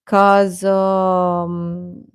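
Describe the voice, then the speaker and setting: A woman's voice: lowish voice, level tone, drawn-out words, clear, resonant tone, no room sound. Chatty woman livestreamer, dry close sound. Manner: chatty, laughing often, exasperated rants. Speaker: livestream host reading chat. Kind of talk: casual chat.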